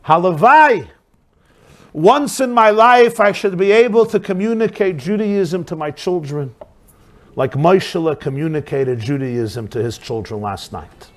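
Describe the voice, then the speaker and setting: Man playing an older rebbe, high, fervent, slow, stretched phrases. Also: animated, a little mellow, exaggerated voice. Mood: yearning. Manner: impassioned, drawn-out pleading. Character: older male rebbe, yearning and tender.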